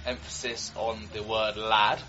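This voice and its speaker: A man giving live, joking race commentary that turns into excited shouts at crashes. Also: lowish voice, measured pace, soft background music. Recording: dull broadcast audio with crowd behind.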